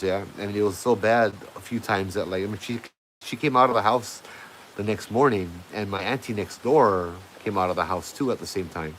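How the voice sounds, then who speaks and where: A man's voice: fairly low pitch, a bit bright, a little hiss or hum, poor audio. A man hosting a livestream, telling a ghost story in a casual, rambling way with plenty of fillers and restarts. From Hawaii. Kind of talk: casual storytelling to a live chat.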